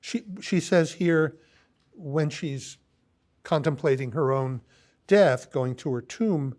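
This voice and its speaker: A man giving a philosophy lecture, pausing often with ums and restarts as he reads quoted lines aloud. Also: fairly high pitch, a little mellow. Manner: halting, many ums and restarts.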